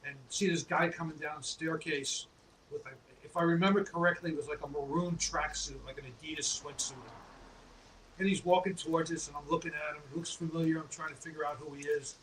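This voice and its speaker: A man guest telling relaxed stories on a casual podcast, laughing often. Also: on the high side, brisk. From New York. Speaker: guest, apparel company owner. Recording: distant mic with faint background noise.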